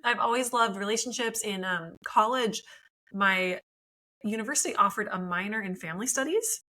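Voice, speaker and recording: A woman's voice: mid-range voice, moderate pace, sharp tone, low-quality recording. A woman in her thirties, a marriage and family therapist, explaining things in a friendly way and laughing easily as a podcast guest. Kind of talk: podcast interview.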